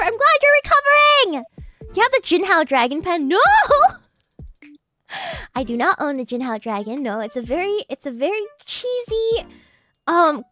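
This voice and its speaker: Very high, bright-voiced giggly woman streamer. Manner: giggly and animated, with sudden excited outbursts. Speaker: VTuber streamer. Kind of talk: casual livestream chat with viewers.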